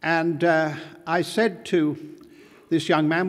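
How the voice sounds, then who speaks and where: An older man from Britain giving a formal conference speech, measured and emphatic with slow pauses, in a large hall. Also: on the high side, flat delivery. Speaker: conference speaker.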